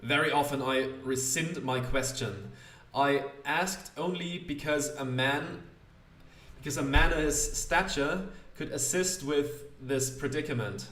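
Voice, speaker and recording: A man voicing a sharp-tongued young woman investigator with a British accent and a wry, dry manner. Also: a little high, unhurried, reverberant, recorded from a distance.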